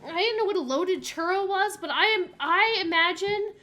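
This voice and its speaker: A woman streaming a video game, chatting casually and telling animated stories with lots of fillers. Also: very high voice, moderate pace. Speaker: mother. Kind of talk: casual gameplay stream chat.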